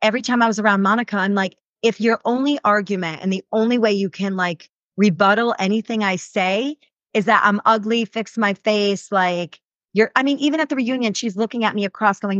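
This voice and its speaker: An animated woman in her thirties talks freely as a reality show cast member, dropping "like" again and again as she goes. Her voice sits at a middle pitch for a woman. The recording is dry and a bit dull, with little room sound. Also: fairly quick, no room sound. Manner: animated, frequent "like" fillers. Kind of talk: casual interview answers.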